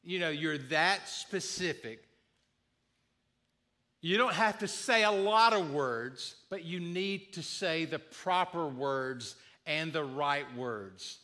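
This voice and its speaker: A man preaching with a bright, forceful voice that sits a little high for a man. He speaks earnestly, repeats his key phrases for weight and voices example apologies the way a listener might say them. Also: lively intonation, takes it slowly. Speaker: pastor. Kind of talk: sermon.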